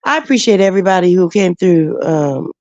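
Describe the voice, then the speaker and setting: A woman's voice: on the low side, expressive, fairly quick, darkish tone, lo-fi sound. A woman hosting a late-night livestream chat, emotional and laughing as she answers her viewers by name. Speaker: livestream host.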